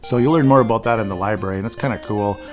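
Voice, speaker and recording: Man, low voice, casual game walkthrough host, rambling, chuckles often, faint music behind. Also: very fast.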